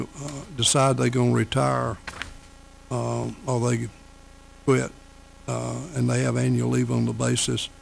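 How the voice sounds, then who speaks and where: A man presenting finance committee items at a county council meeting, talking haltingly with many fillers. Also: medium pitch, gravelly, slight background noise, poor audio.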